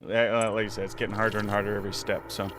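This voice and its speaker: A man streaming a game live, out of breath and chatting casually, sighing and laughing softly, sometimes turning from the mic. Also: fairly low pitch, little pitch movement, quick pace, slight background noise. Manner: chatty, self-deprecating, sighs and laughs softly.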